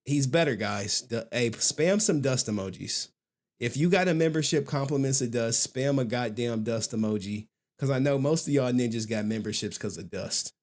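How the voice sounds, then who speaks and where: A man's voice: medium pitch, moderate pace, a little mellow. A man hosting a live stream in casual commentary, slangy and laughing, with repeated asides.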